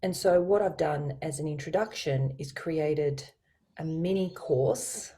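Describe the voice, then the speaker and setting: A woman with a low voice and a mellow, warm tone. She explains her coaching ideas with lively, enthusiastic emphasis, as a guest on a video call. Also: a little slow. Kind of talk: guest in a business interview.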